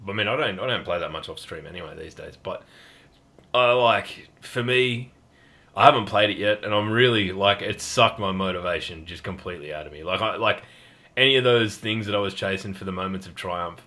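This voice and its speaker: A man with an Australian accent hosting a casual gaming podcast, laid-back and quick to laugh. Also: deep voice, pushed and bright. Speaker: podcast host.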